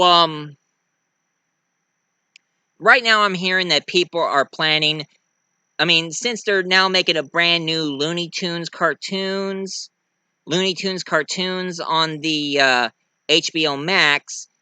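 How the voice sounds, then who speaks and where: A young man giving a rambling, excitable casual movie review. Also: a little high, clear, resonant tone, no echo.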